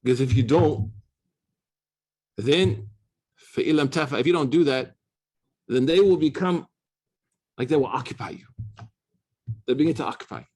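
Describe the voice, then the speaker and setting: An American man giving a casual classroom lecture on religious texts, animated and slangy, switching into quick recitation. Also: mid-range voice, slightly rough. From United States. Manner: fast, slangy, animated storytelling with Arabic recitation. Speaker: Islamic studies teacher. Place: university classroom.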